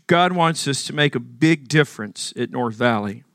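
A man's voice: medium pitch, lively intonation, moderate pace, fairly bright tone, dry recording, clean studio sound. A man from Arkansas preaching a sermon as pastor, earnest and emphatic, asking the congregation questions.

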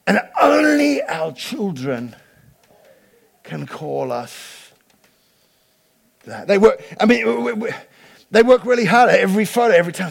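A man preaching a sermon as pastor, moving from chatty storytelling to loud, emphatic preaching. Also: high-pitched, very animated, unhurried, gravelly, pauses often, breathy edge.

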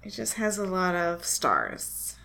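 A woman's voice: fairly low pitch, huge pitch swings, slow, creaky, bright, forceful tone. A woman co-hosting a podcast, chatting casually in a dry, easygoing manner. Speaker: podcast co-host. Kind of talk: casual chat.

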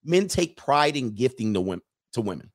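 A man's voice: medium pitch, sing-song, normal speed. A man hosting a casual commentary show, talking bluntly with profanity and mocking jokes, laughing at his own remarks. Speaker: host.

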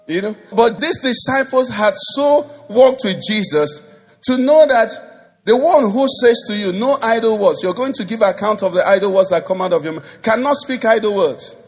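A man's voice: sits high, animated, moderate pace, soft background music. A man preaching a sermon as pastor, emphatic, with call-and-response questions to the congregation.

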